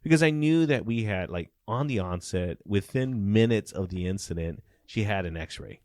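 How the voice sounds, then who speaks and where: Middle-aged male ex-cop, very low voice, dry close sound, gritty profane storyteller, acts out the quotes. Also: moderate pace, no room sound. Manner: animated, profane storyteller acting out dialogue. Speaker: former police officer. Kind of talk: casual storytelling interview.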